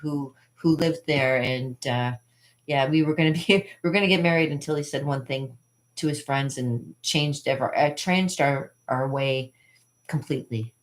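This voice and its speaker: A woman with a low, deep speaking voice who hosts a magic channel. She tells childhood stories in a loose, digressive way, laughing often and leaning on "uh" and "you know.". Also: moderate pace. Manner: chatty, digressive, laughs often, many fillers. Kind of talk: rambling personal storytelling.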